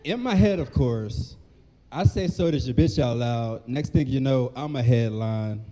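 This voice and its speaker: A man performing a stand-up set, soft-spoken and dry at a live comedy venue. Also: mid-range voice, lively intonation, measured pace, low-quality recording.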